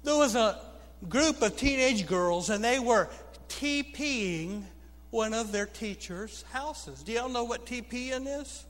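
Preacher guy, kinda high voice, jokey storytelling, big church reverb. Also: expressive, slow pace, fairly bright tone. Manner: storytelling preacher, humorous asides to the congregation. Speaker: pastor. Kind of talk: sermon. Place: church sanctuary. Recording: long reverb of a church hall.

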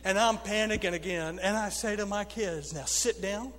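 Preacher guy, kinda high voice, jokey storytelling, big church reverb. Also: moderate pace, fairly bright tone, a little hiss or hum. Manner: storytelling preacher, humorous asides to the congregation. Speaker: pastor. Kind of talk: sermon. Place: church sanctuary. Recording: long reverb of a church hall.

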